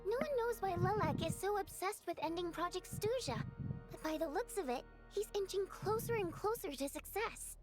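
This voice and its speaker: A woman's voice: very high voice, animated, normal speed. A woman voicing an earnest young female ally in a game, confiding her plans in long explanations. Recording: game voice over clear music.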